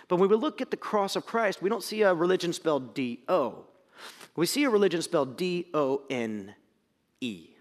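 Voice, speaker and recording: A male pastor preaching a sermon in a conversational, animated way, swinging between loud emphasis and quiet asides in a church sanctuary. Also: high voice. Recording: long hall reverb.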